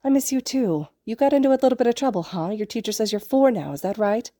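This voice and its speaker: A woman voicing a gentle, loving mother in a storybook reading, soft and cooing. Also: on the high side, expressive, fast talker, no echo, studio quality, voice pushed up, close to an everyday voice.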